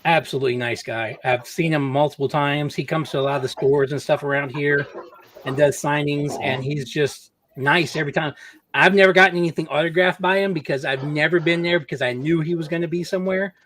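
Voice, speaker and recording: A man speaking earnestly in a casual chat, sometimes trailing off mid-thought. His voice sits a little high, and a steady hiss is clearly heard behind him. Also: fairly quick.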